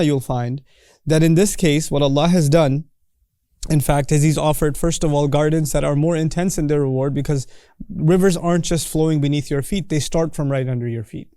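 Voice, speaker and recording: A man's voice: on the high side, warm tone, no room sound, studio quality. A man giving an explanatory sermon, walking through verses step by step with examples. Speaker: Islamic speaker.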